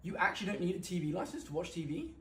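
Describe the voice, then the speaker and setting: Man, high pitch, casual slang, echoey room. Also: big pitch swings, racing, a bit bright. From United Kingdom. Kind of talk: comedy skit chat.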